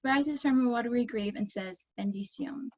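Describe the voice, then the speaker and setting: A woman from Staten Island reading her poems at a live online poetry event, halting and full of fillers between pieces. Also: on the high side, darkish tone, highs cut off. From Staten Island, New York. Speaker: poet reading her work. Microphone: video call.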